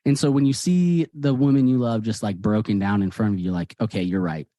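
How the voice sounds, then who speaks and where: Animated male storyteller, dry sound. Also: mid-range voice, brisk, no room sound. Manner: animated, acts out quoted dialogue. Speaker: guest author. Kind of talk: conversational storytelling.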